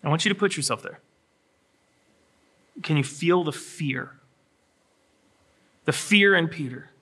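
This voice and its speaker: A man preaching a sermon, acting out scripture in a dramatic voice that drops low and rises to a shout. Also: measured pace, breathy edge. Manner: dramatic voicing of scripture, swinging from hushed to shouting. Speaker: pastor.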